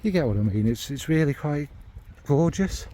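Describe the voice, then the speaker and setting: A man's voice: a little high, expressive, normal speed, dark tone, slight background noise. A man with a Northern English accent giving a casual spoken review, meandering as he searches for descriptive words, blunt and sometimes swearing. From Northern England. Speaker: fragrance reviewer.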